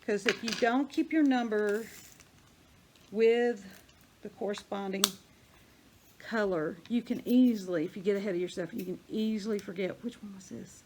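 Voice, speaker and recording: An older woman with a drawl talks casually through a hands-on craft demonstration. She rambles and thinks out loud as she works, in a medium voice, with faint noise behind her. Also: medium pitch, normal speed, pauses often. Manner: chatty, rambling, thinks aloud while working. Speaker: crafting vlogger.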